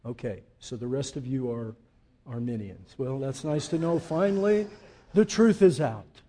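A man preaching a sermon, swinging from loud emphatic peaks to quiet, low asides and putting direct questions to the congregation. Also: a little slow. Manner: emphatic, rising to loud peaks then dropping low and intimate. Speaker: pastor.

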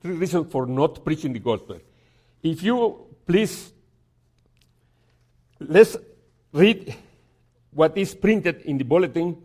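A man preaching a sermon, telling a story and reading scripture aloud, with halting repeats and dramatic pauses. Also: fairly high pitch, expressive, darkish tone. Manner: reads scripture aloud slowly.

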